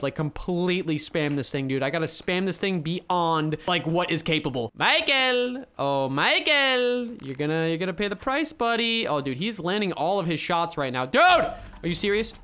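Hyped young dude doing game commentary, highish voice, bright and sharp, yells a lot. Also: male voice, clear, resonant tone. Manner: excitable, swings from mutters to shouts. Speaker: gaming YouTuber. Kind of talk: gameplay commentary.

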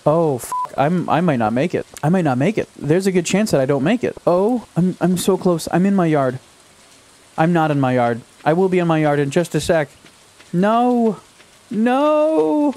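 A young man casually commenting on his own gameplay, excitable and chatty, talking to himself and to the game. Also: a little high. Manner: excitable, talks to himself and the game, yelps at surprises. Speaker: gaming YouTuber. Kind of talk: casual let's-play commentary.

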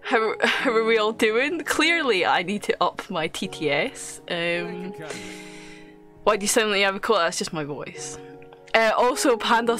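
A woman's voice: mid-range voice, a bit bright. A young woman streaming a game live, chatting casually, swearing often and laughing as she thanks viewers.

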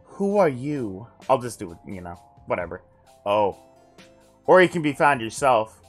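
A man's voice: fairly low pitch, big pitch swings, normal speed, fairly bright tone, faint music behind. A man streamer reading a text adventure aloud on stream, breaking off for joking asides between passages of narration.

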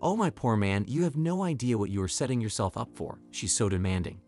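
A man reading as a blunt, lively woman. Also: fairly low pitch, a little fast, soft background music. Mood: gleeful. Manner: forceful, blunt.

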